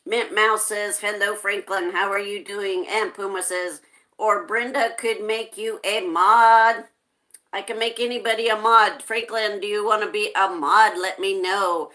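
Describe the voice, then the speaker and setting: A woman's voice: medium pitch, fairly even intonation, unhurried, sharp tone. A woman hosting a casual livestream, reading viewer comments aloud and greeting people in a friendly way. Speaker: livestream host reading chat.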